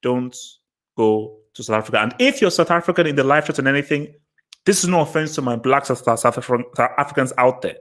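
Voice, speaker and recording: A man hosts a casual live panel discussion. He talks in long, winding runs, stacking up fillers and breaking into laughs as he goes. His pitch sits in an ordinary middle range for a man. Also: a little fast, rough recording. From Nigeria. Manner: rambling, full of fillers, animated and laughing.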